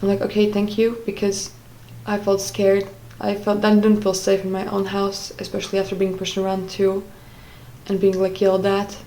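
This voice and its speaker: A young woman telling a personal story in a casual, halting way, often stopping to search for words. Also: medium pitch, monotone, dark tone, rough recording. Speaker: vlogger.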